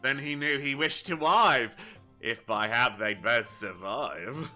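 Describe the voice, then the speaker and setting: A man's voice: mid-range voice, animated, slow pace, bright, forceful tone, faint music behind, pitched below the performer's own voice, exaggerated voice. A man doing a drunk, grandiose tavern poet. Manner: declaiming rhymed verse with dramatic swings. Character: drunk male poet, bombastic reciter.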